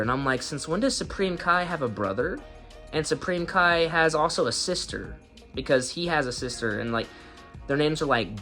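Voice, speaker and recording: Man casually rambling through an anime review. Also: fairly bright tone. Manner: rambling, slangy, breaks into high laughs.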